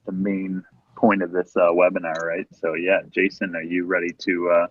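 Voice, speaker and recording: A man's voice: low voice, flat delivery, moderate pace, breathy edge. A man co-hosting a webinar, speaking casually and hesitantly with many fillers. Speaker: webinar co-host. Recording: distant, dull, dry webinar audio.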